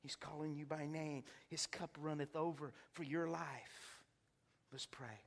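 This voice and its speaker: A man preaching a sermon as pastor. He moves between hushed, intimate passages and loud, soaring climaxes, then leads an altar call. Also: a little high, level tone, unhurried, gravelly. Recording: reverberant hall, from a distance.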